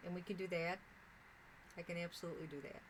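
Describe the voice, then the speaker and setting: A woman's voice: fairly low pitch, steady tone, fast talker, background noise. An older woman chatting casually with viewers on a live stream from her sewing room, rambling with fillers and restarts.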